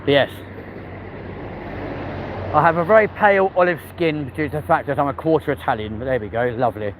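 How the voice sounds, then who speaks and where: Walking city streets on a live stream, a cheeky, sweary man from England with a London accent chats back and forth with his viewers. His voice is a little high and a little fast. The recording is low-quality, with a little hiss or hum.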